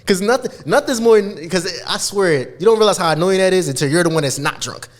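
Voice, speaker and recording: A man's voice: high voice, fast talker. A man co-hosting a podcast in casual chat, swearing freely and acting out the lines he quotes. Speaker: podcast co-host.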